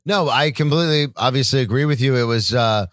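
A young man co-hosting a casual sports podcast, talking in a relaxed, rambling, agreeable way. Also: medium pitch, brisk, no echo, studio quality. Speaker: podcast co-host.

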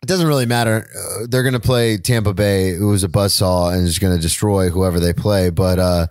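Laid-back low-voiced male co-host. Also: a little fast, no echo, clean studio sound. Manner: relaxed, hesitant, many uhs and ums. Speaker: podcast co-host. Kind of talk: casual sports chat.

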